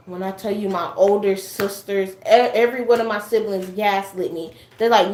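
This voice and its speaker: A young woman tells a personal story in a loose, rambling way, full of fillers and acted-out quotes. Her voice sits at an ordinary middle pitch. It bounces around an echoey room. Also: steady tone, moderate pace, hardly any pauses, darkish tone, slight background noise. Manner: rambling, heavy fillers, acts out family quotes. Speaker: guest sharing a personal story. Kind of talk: casual storytelling chat.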